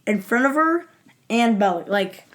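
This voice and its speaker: A woman's voice: on the high side, lively intonation, unhurried, a bit bright. A woman co-hosting a podcast in casual chat, joking about herself and laughing along. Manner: self-deprecating, laughing along. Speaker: podcast co-host.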